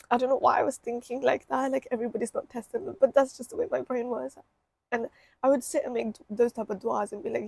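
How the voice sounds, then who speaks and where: Young woman vlogger, candid and emotional, husky mellow voice, creaky edges, dry close sound. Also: on the high side, level tone, quick pace, no echo. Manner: emotional, candid, repeats herself. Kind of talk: personal storytime vlog.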